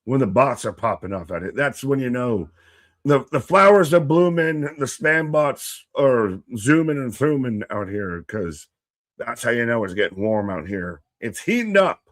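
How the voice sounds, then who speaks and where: A man co-hosting a live wrestling watch-along, rambling and animated, joking with the chat. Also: mid-range voice, moderate pace.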